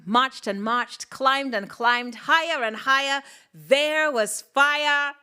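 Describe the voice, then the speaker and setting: Expressive, slow woman storyteller. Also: high-pitched. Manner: dramatic, expressive, sound effects and whispers. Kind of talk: live folktale storytelling.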